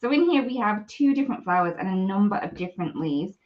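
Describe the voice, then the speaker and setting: A woman's voice: medium pitch, animated, fast, highs cut off. A woman demonstrating craft products on a live stream, chatty and apologetic as she works. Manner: chatty, apologetic, talks while working.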